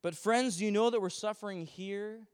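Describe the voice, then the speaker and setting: A pastor delivering a sermon in a high, light voice. He preaches with animated emphasis, slips into jokes and acted-out quotes, and his words ring through a church hall with a long reverb. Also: normal speed, clear, resonant tone. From Canada. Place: church sanctuary.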